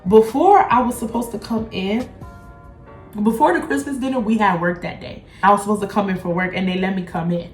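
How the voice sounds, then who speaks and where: A young woman vlogger telling a blunt, profane storytime in a casual, animated way. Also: medium pitch, a little fast. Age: young adult. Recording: echoey room, faint music.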